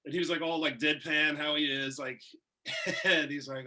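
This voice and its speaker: A man telling casual, animated stories in an interview, swearing and laughing as he goes. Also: a little high, fast. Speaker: wrestler guest. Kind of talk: casual storytelling in a shoot interview.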